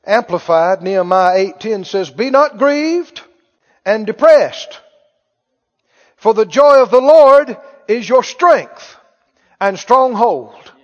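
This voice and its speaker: A man's voice: high-pitched, lively intonation, slow pace. A man preaching a sermon, calling out to the congregation for responses. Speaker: pastor. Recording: muffled church hall recording.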